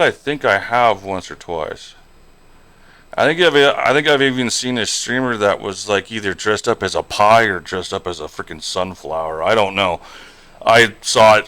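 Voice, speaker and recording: A man's voice: low-pitched, moderate pace, sharp tone, no room sound. A man streaming a trucking game and chatting casually, rambling along with lots of fillers and "you know". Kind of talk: casual live-stream chat while gaming.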